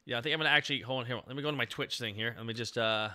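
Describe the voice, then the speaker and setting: Very bright-voiced goofy male streamer. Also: very fast. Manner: goofy and playful, jumping between loud bits and low mumbling asides. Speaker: VTuber streamer. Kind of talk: casual live-stream chat.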